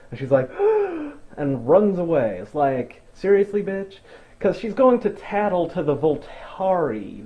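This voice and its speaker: A man's voice: fairly high pitch, highs cut off. Sarcastic, profane young man ranting. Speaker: movie reviewer. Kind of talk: sarcastic movie recap.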